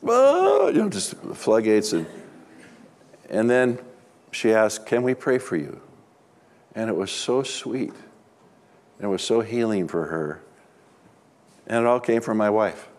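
A man's voice: fairly low pitch, measured pace, pauses often, a little mellow. A middle-aged man, a pastor, preaching a sermon with humorous personal stories in a chatty, conversational way.

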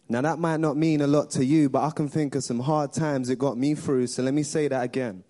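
Mellow-voiced man performing spoken word. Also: mid-range voice, steady tone, brisk, few pauses. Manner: rhythmic, rhyming delivery. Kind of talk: spoken-word worship poem.

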